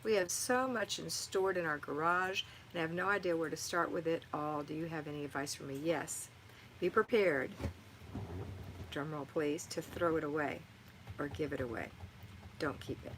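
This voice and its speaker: A woman's voice: deep voice, normal speed, fairly bright tone, a little hiss or hum, low-quality recording. A middle-aged woman hosting a live stream, reading viewer comments aloud and giving encouraging, motherly advice. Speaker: livestream host answering viewer chat.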